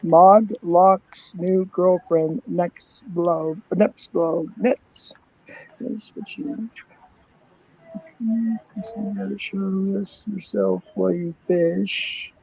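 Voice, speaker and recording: High-voiced older man with a dry sound. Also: fairly even intonation, very slow, gravelly, darkish tone, slightly rough, no echo, rough recording. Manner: easygoing, greets chatters by name, chuckles often. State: losing his voice. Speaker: co-host. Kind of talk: casual livestream chat.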